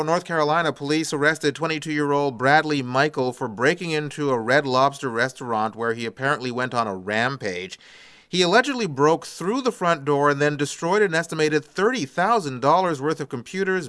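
A man's voice: medium pitch, pushed and bright, smooth, dry recording. A man hosting a radio show, reading strange news stories and adding sarcastic asides in a studio. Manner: sarcastic asides after each story. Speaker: radio host. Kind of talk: reading odd news with commentary.

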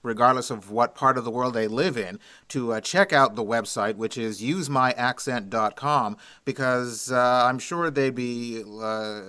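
A man's voice: mid-range voice, pushed and bright. A Canadian man hosting a radio interview program, speaking in a polished, announcer-like way. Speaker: radio host.

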